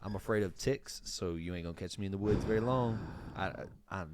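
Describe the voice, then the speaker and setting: Heavy background noise surrounds a young man's low, brisk voice as he co-hosts a podcast. He chats casually and laid-back, rambling, laughing often and starting phrases over.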